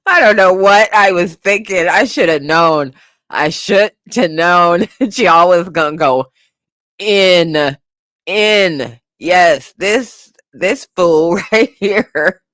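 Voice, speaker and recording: A woman's voice: fairly low pitch, slow, no room sound, studio quality. A woman hosting a casual commentary stream, reading chat comments and laughing often as she reacts. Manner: laughing often, animated, lively. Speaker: host.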